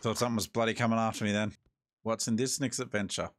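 A man's voice: lowish voice, fairly even intonation, fast talker, dry recording. An Australian man giving laid-back, joking commentary while playing a horror game, talking to himself as he goes. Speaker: gaming host. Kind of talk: let's-play commentary.

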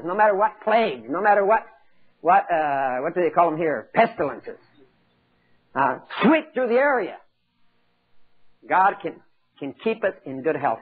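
A man's voice: high voice, slightly rough. A man preaching a sermon, telling a Bible story with dramatic acted-out voices and questions to the congregation. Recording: tinny phone-like 1980s audio tape.

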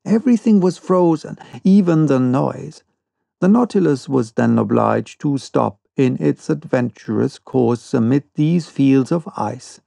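Slow gravelly male audiobook reader. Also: medium pitch, lively intonation, warm tone, dry recording. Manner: slow, measured reading. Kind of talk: unabridged audiobook narration.

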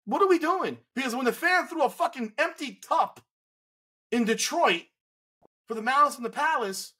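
Male podcast host, high husky voice, blunt and heated. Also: expressive, moderate pace, sharp tone. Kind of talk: casual sports chat.

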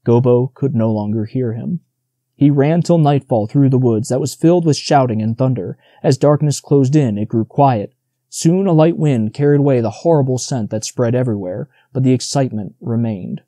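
A man reading a storybook audiobook aloud in a steady, measured narration. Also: mid-range voice, no room sound, studio quality.

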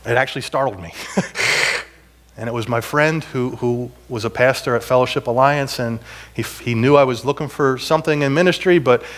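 A man's voice: mid-range voice, fairly quick. A middle-aged man, a pastor, giving a sermon in a church, telling personal stories in a conversational, self-deprecating way that builds to emphatic points. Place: church sanctuary.

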